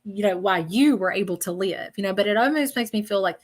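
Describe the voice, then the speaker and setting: A woman giving a psychic reading on a livestream, emotional and apologetic, often saying she is sorry, with animated bursts as she acts out what she sees. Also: medium pitch, brisk. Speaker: psychic medium. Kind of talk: live-streamed reading.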